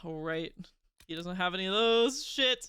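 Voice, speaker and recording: A male streamer doing live gameplay commentary, excitable and rambling, swearing freely and laughing often. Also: high-pitched, moderate pace, smooth, no room sound. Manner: chatty, rambling asides.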